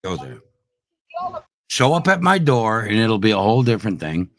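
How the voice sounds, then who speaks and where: In a lowish, sing-song voice with a fairly bright tone, a livestream host speaks at a moderate pace. He's angry and swearing, repeatedly daring his critics in a combative rant.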